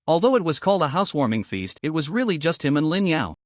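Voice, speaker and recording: A man's voice: on the high side, big pitch swings, fast talker, no echo, studio quality. A man reading a recap story aloud as a narrator in scripted narration.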